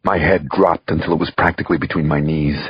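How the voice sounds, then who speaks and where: Man, audiobook thriller narrator, raspy and low, dull lo-fi recording. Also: steady tone, quick pace, slight background noise. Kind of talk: first-person thriller narration.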